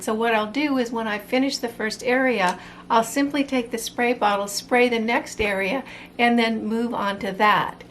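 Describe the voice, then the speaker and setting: A woman's voice: a little high, fairly bright tone, a little hiss or hum. A woman in her fifties, a beauty vlogger, casually walking viewers through her skincare device routine with friendly tips. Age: 50s. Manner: chatty, friendly how-to explaining. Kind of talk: casual product demo.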